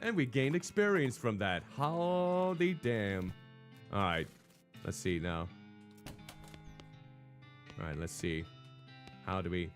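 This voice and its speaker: Slow, animated male game streamer. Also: sits low, soft background music. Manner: theatrical narration, joking asides. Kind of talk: reading game text aloud and commenting on a stream.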